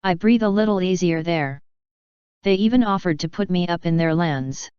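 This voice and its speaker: A woman reading the lines of a kindly, proud older man who gently waves off worry. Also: fairly low pitch, moderate pace, clear, resonant tone, no room sound, muffled recording, close to an everyday voice. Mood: gentle. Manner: gentle, brushes off concern.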